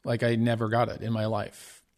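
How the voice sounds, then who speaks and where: A man's voice: lowish voice, monotone, normal speed, a little mellow. A middle-aged man hosting his own show, telling a personal story in a candid, earnest way, with many restarts and quoted dialogue. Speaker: podcast host.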